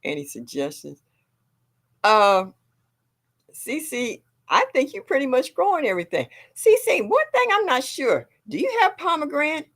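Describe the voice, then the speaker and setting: A woman's voice: sits high, very animated, a little slow, fairly bright tone. An older woman hosting a gardening livestream, chatting casually and reading viewer comments aloud. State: a little sore.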